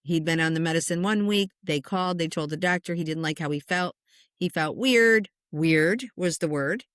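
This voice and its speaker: A woman's voice: on the low side, normal speed, no room sound. Earnest woman medium, dry sound. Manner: earnest, passionate, animated retelling. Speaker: spiritual medium, guest. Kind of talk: conversational interview storytelling.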